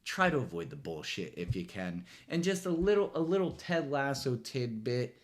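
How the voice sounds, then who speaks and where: Lively profane late-night host, a man. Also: medium pitch, moderate pace. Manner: profane, rambling, self-mocking. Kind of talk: casual late-night monologue. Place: studio.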